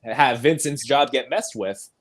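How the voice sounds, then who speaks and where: A man's voice: mid-range voice, measured pace. Enthusiastic man recapping a film. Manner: enthusiastic, recaps scenes and laughs often. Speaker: podcast host. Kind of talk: casual film discussion.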